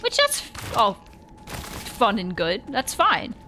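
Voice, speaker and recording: A woman streamer chatting casually during a horror game, telling rambling, animated stories and yelping at scares. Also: fairly high pitch, slow pace, slight background noise. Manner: rambling, animated storytelling with sudden yelps. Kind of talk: casual live-stream chat.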